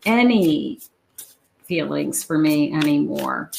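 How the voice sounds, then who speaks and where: A woman giving a tarot love reading, talking slowly and musingly to her viewers. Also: mid-range voice, slight background noise, rough recording. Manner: slow, musing, talks to the viewer. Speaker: tarot reader.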